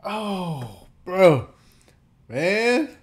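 A man's voice: sits high, very animated, drawn-out words. A man hosting a reaction video, talking in casual slang and exclaiming and laughing as he comments.

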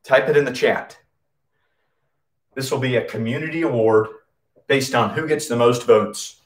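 At a normal pace and mid-range pitch, a PE coach keeps his live-streamed class upbeat. He's out of breath from exercising while counting reps and calling students by their nicknames.

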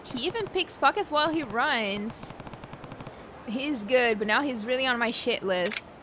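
Casting: high, animated woman streamer, excitable, over loud game street noise. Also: a little slow. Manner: excitable, chatty, reacting aloud. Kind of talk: casual gameplay commentary.

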